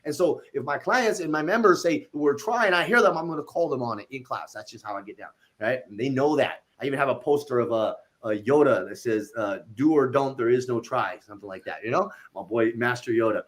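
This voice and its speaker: A man who owns a gym, telling a coaching story in a casual interview, animated and blunt, with some swearing. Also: medium pitch, brisk, hardly any pauses. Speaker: gym owner and fitness coach.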